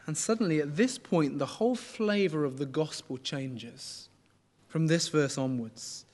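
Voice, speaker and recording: Chatty preacher, higher voice. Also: male voice, measured pace, a little mellow. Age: middle-aged. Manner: conversational, asks the congregation questions. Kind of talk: sermon.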